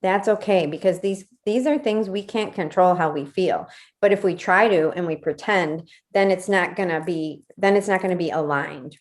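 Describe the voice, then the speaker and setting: A woman's voice: mid-range voice, a little mellow. A woman leading a casual workshop, talking conversationally, repeating words and checking in with "right?". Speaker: workshop leader.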